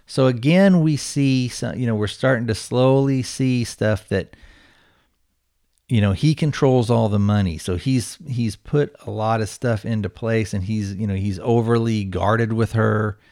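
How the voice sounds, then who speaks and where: Speaking a little slowly in a lowish, slightly mellow voice, a male podcast host rambles through a film recap. He hedges a lot and leans on fillers.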